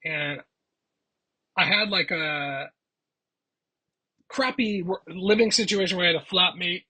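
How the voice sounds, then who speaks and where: A man vlogger tells a personal story in a loose, chatty way, often restarting his sentences. His voice is husky yet bright and forward, sitting a bit above the usual male pitch. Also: unhurried, poor audio. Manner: chatty, rambling with frequent restarts. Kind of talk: casual storytelling.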